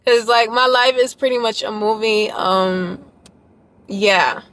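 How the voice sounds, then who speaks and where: A woman's voice: fairly high pitch, slow pace, a bit bright, no echo. Earnest, emotional young woman vlogger. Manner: emotional, earnest and talkative, rambling with fillers. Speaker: YouTuber and dancer. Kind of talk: casual vlog chat to viewers.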